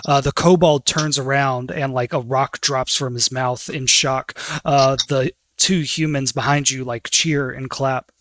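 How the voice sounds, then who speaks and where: A man's voice: mid-range voice, steady tone, measured pace, few pauses, fairly bright tone, no room sound, clean studio sound. A man running a tabletop game as game master, narrating loosely with many fillers.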